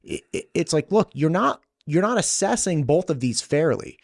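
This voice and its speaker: Guy talking fast and emphatic, kinda high voice, dry sound. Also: sing-song, gravelly, no echo. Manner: quick, emphatic, frequent agreeing. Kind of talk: casual chat.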